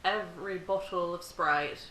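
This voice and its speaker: A woman's voice: lowish voice, steady tone, unhurried, roomy sound, a crowd in the background, low-quality recording. A woman guest on a podcast, chatting casually and thinking aloud in a rambling way. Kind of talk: casual chat.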